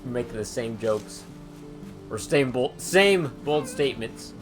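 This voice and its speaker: Dry-witted man with lively pitch. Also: a little slow, over music. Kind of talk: casual gaming chat.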